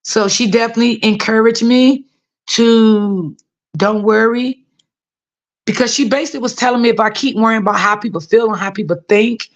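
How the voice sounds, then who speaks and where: A woman's voice: fairly high pitch, fast talker, hardly any pauses. Woman telling her story, lots of fillers. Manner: repeats herself, many fillers, addresses viewers as "y'all". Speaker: author talking to viewers. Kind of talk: casual personal storytelling.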